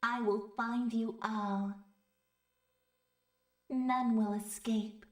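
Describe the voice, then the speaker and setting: A woman voicing a cold, menacing disembodied villain in a video game, speaking slowly and eerily. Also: a little high, steady tone, darkish tone. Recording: echoey, distant game audio.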